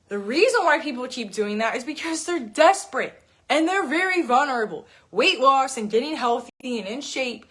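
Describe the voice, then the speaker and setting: A woman's voice: a little high, a bit bright, breathy edge. A woman fitness coach in her thirties ranting bluntly to camera, swearing often and repeating words for emphasis. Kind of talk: blunt unscripted rant to camera.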